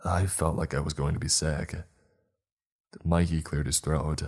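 A man narrating a horror story in a slow, grim, measured reading. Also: very deep voice, level tone, breathy edge.

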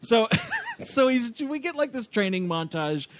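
A man's voice: very high-pitched, very animated, a little slow, slight background noise. A man co-hosting a casual movie podcast, joking and riffing with frequent laughs. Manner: jokey, riffing, laughs often. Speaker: podcast co-host. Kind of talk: casual film discussion.

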